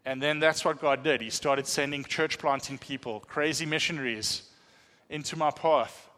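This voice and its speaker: Brief: male pastor, bright tone, animated storytelling, echoing church hall. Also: fairly high pitch, moderate pace. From South Africa. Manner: animated storytelling, self-deprecating humor. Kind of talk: sermon testimony.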